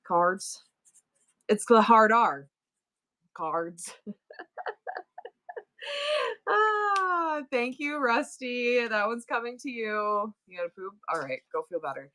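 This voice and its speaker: A woman's voice: a little high, very animated, a little slow, pauses often, bright, forceful tone. A middle-aged woman with a New York accent, hosting a live selling stream and chatting playfully with her viewers. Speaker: livestream seller.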